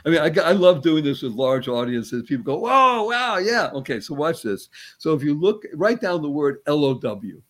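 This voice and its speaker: A man with a somewhat high voice gives a lively, uplifting motivational talk as a guest on a show. He teaches playfully, putting questions to his host, and slows right down to draw out words that matter. His tone stays spiritual and encouraging. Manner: slows and stretches words for emphasis. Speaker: guest speaker.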